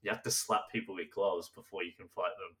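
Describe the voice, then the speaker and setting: A young man, chatting casually as a podcast co-host. His voice sits low and sounds a little distant from the microphone. He rambles loosely, laughs often and slips into playful voices. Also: fairly even intonation, a little fast, fairly bright tone. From Australia. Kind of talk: casual chat.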